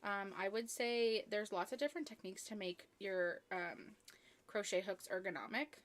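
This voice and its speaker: A woman's voice: medium pitch, normal speed. A young woman chatting casually on a crochet live stream, rambling with lots of ums and restarts.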